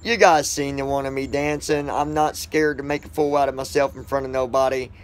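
A man's voice: mid-range voice, fairly even intonation, a little fast. A man vlogging casually outdoors, chatting and joking directly with his viewers in an upbeat, rambling way. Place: outdoors on concrete.

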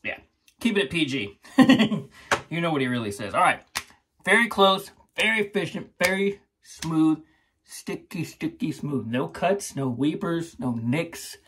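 A man's voice: a little high, lively intonation, measured pace, a little hiss or hum. A man hosting his own shaving channel, chatting casually and rambling through a product review, laughing often.

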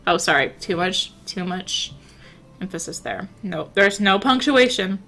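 A woman's voice: expressive, measured pace, pushed and bright, faint music behind. A woman streaming a live game playthrough, reading the game text aloud with sarcastic comments. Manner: sarcastic, reads game text aloud, breaks into high squeals.

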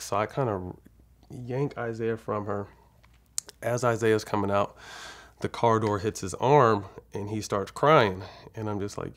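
A man's voice: on the low side, fairly even intonation, normal speed. A man from California, a guest in an interview, telling a long personal story frankly and with profanity, acting out the dialogue as he goes. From California, USA. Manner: rambling, with frequent restarts.

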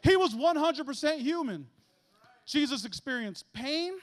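A man preaches in a church, his voice sitting high and bright for a man. He keeps it conversational and animated, joking with the congregation and acting out little voices as he goes. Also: a little slow. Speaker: guest preacher. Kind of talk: lively conversational sermon. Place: church sanctuary.

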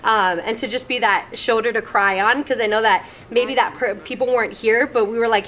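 A woman's voice: fairly high pitch, steady tone, brisk, hardly any pauses, a bit bright, slight background noise. A young woman on her church's staff gives a heartfelt, rambling toast to a friend. She is openly emotional and fills her talk with "like" and "you know". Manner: earnest, emotional, rambling with many fillers.

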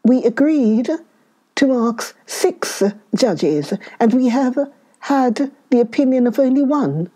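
A frightened old holy man pleads for his life in a storybook tale, his voice pitched up high and drawn out slowly. A woman acts him out, mellow and unhurried, stammering as he begs. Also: lively intonation. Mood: pleading.

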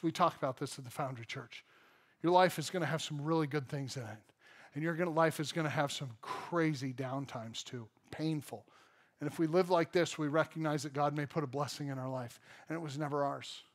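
A man in his thirties, a pastor with a Midwestern American accent, preaching a conversational, joking sermon in a church auditorium. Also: fairly high pitch. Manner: conversational, jokey preaching with sudden loud outbursts.

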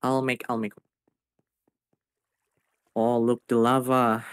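A man playing a game with a friend, chatting casually and softly in short replies. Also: mid-range voice, level tone, takes it slowly, clean tone, no room sound. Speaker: fellow streamer. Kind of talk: casual gaming chat.

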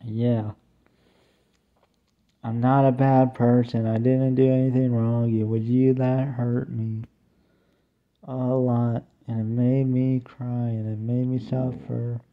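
A young man performing a homemade song, half sung and half spoken, in a plaintive, drawn-out way. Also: mid-range voice. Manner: plaintive, slow, mostly flat talk-singing with drawn-out "ooh" cries. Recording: tinny phone-like recording.

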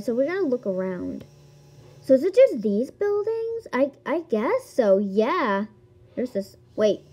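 A woman giving casual gameplay commentary as a video host, excitable and quick to gasp at new things. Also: a little high, muffled recording. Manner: excitable, gasps and squeals at discoveries.

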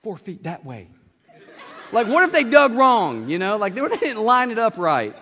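Male pastor, high voice, acts out bits of the story, church hall echo. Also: brisk, a faint crowd. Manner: animated storytelling, acting out characters with asides and laughs. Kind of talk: sermon. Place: church sanctuary. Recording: long hall reverb.

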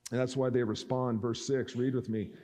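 A man's voice: mid-range voice, flat delivery, normal speed, warm tone. A male pastor preaching a sermon, reading scripture and acting out the speakers' lines. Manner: expository preaching that acts out speakers' words.

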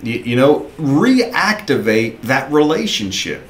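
Male sales trainer, casual motivational delivery, middle pitch, echoey room. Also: very animated, slow. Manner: casual, encouraging, repeats himself.

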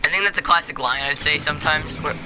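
A man's voice: fairly high pitch, fast, over music. A man giving casual gameplay commentary, rambling with lots of fillers and losing his train of thought. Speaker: gaming video creator.

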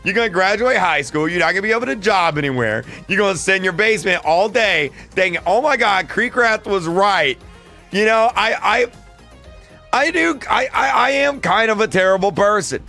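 A man's voice: high voice, expressive, brisk, few pauses, bright, forceful tone, faint music behind. A young man streaming a game, launching into a mock rant and roasting someone in chat. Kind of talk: gaming livestream chat.

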